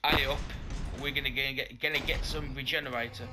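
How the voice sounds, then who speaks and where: A man's voice: mid-range voice, fairly even intonation, brisk, music in the background. A man giving casual, sweary, sarcastic gameplay commentary into a headset mic. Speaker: let's play host.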